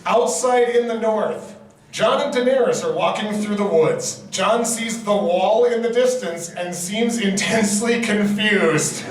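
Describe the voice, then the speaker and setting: A man's voice: sits high, unhurried. A man hosting a live comedy panel, reading bad fan fiction aloud with dry, wry asides and frequent laughs. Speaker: convention panel host. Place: convention panel room with audience. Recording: distant mic, echoey convention hall, audience.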